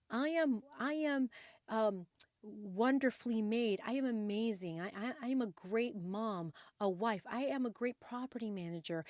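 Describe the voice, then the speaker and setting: A woman's voice: mid-range voice, dry recording, clean studio sound. A middle-aged woman hosting a podcast, talking casually and earnestly to encourage her listeners, often restarting her sentences. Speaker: podcast host. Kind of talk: casual motivational talk.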